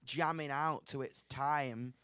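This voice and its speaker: Excitable young man, rambling. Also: medium pitch, takes it slowly, clean tone, no room sound. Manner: excitable, rambling, swears freely. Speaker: musician guest. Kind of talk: casual interview chat.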